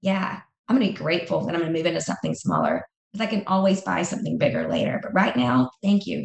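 A woman's voice: on the low side, huge pitch swings, quick pace, creaky, hardly any pauses, reverberant. A woman speaking as an interview guest in a candid conversation, emphatic and repeating phrases for effect.

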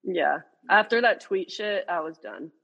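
A woman's voice: on the low side, a little slow, muffled recording. A young woman in her twenties, a reality show contestant, chatting casually in an interview and telling stories with lots of laughter. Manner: giggly, animated storytelling. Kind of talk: casual chat.

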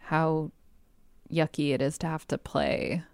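A woman's voice: deep voice, very animated, slow, vocal fry, darkish tone, no room sound. A woman hosting a podcast, chatting casually with wry, joking remarks. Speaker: podcast host. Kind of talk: casual chat.

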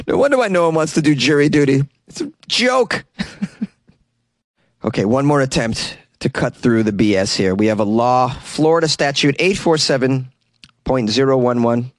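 A man's voice: medium pitch, no room sound. A man hosting his own comedy podcast, talking solo in a wry, rambling way and laughing at his own jokes, recorded in a small closet. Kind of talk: casual solo podcast monologue.

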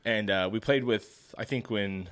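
Profane, animated male podcast host. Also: on the low side, unhurried, clean tone. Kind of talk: casual chat, storytelling.

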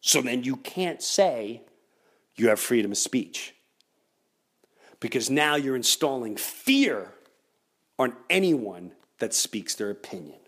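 A man's voice: medium pitch, sing-song, slow, pauses often, a bit bright. A middle-aged man hosting a podcast, ranting comedically and mimicking other people in raised voices. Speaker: podcast host. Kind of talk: animated comedic rant.

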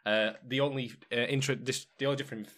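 A man's voice: medium pitch, steady tone, quick pace, fairly bright tone. A man hosting a podcast in casual chat, who rambles with wry jokes and asides. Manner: rambling, wry and joking, many fillers and asides. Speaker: podcast host.

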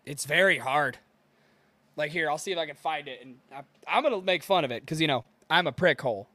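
A man's voice: on the high side, fast talker, pushed and bright, no echo. A man co-hosting a casual podcast, joking loosely and swearing. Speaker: podcast co-host. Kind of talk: casual chat.

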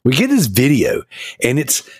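A man's voice: medium pitch, normal speed, slightly rough, dry recording. A man in his thirties hosting a podcast, telling funny stories in casual chat with a lot of laughter. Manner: animated, laughing storyteller. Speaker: podcast host.

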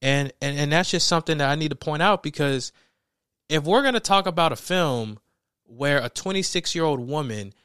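A young man giving a casual, animated spoken film review, emphatic and slangy, swearing freely. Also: fairly high pitch, moderate pace, smooth, dry recording, clean studio sound.

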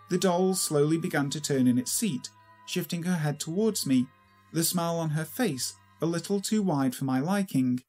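A man reading a horror story aloud in a steady, measured way. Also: a little high. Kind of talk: scripted horror story narration.

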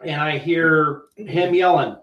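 A man co-hosting a podcast, telling a casual police story with lively voices and frequent swearing. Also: a little high, slow, muffled recording. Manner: animated storyteller, acts out voices, swears freely. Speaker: podcast co-host, police officer. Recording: roomy echo.

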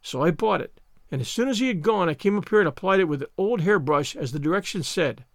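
A theatrical, wordy young girl full of despair, as a man reads her aloud. She talks in lively, swooping tones and pleads at length, in a dry, close storybook sound. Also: high-pitched, quick pace, creaky, dry recording. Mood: earnest. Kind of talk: audiobook character reading.

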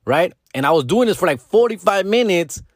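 A man's voice: high-pitched, animated, brisk, no room sound, studio quality. A man in his thirties talking in a casual, rambling vlog monologue, cursing freely and dropping Spanish slang as he explains his comedy videos. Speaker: social media comedy creator.

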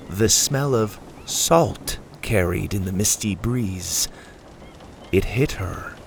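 A man narrating a children's adventure storybook in a calm, expressive way. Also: mid-range voice, slight background noise. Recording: faint music behind.

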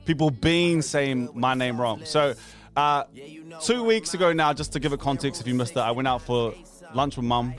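A man's voice: mid-range voice, animated, moderate pace, soft background music. A man hosting a podcast, telling stories in a laid-back, joking way. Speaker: podcast host. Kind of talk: casual chat.

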